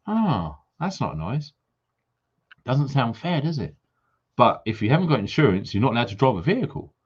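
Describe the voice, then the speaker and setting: A man hosting a livestream, ranting sarcastically and firing off rhetorical questions with indignant high jumps for emphasis. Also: very animated, moderate pace. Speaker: livestream host. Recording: dull lo-fi stream audio.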